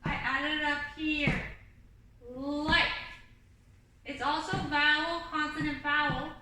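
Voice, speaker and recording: Very high, bright-voiced kindergarten teacher. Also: female voice, little pitch movement. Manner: slow, clear teacher talk to young children, singing vowel songs. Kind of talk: online kindergarten lesson. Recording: echoey room, a bit far from the mic.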